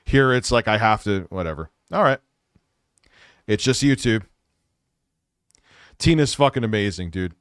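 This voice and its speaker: A man hosts a live stream, rambling crudely and swearing a lot in casual talk. His lowish voice is animated and smooth, a little slow with frequent pauses. The studio-quality recording has no room sound.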